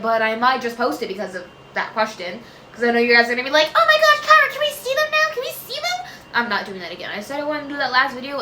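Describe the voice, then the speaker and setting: A woman's voice: on the high side, pushed and bright, roomy sound, a little hiss or hum, poor audio. A woman answering viewer questions in a casual chat, rambling, often losing track, correcting herself and laughing.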